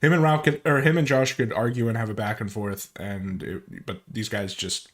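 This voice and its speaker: A man's voice: fairly low pitch, steady tone, moderate pace. A man casually commenting over a played stream clip, laughing and using loose slang. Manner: laid-back, laughing, slangy asides. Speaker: commentary host.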